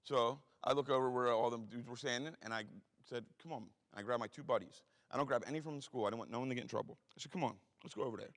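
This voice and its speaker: A middle-aged man telling a story to an audience, blunt and profane, acting out the voices of the people in it. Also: medium pitch. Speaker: guest speaker. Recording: long hall reverb.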